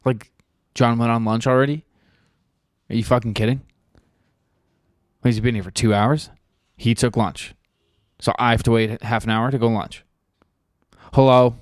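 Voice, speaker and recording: A man imitating a bored, apathetic male 911 operator who talks flatly and stalls with ums. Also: medium pitch, no room sound, studio quality, lightly acted. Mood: grumbling. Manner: flat, unbothered, halting with ums.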